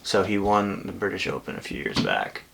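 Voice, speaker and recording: Gravelly low-voiced man, casual podcast. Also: very animated, moderate pace, background noise. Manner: laid-back storyteller, trails off with fillers. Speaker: podcast co-host. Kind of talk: casual chat.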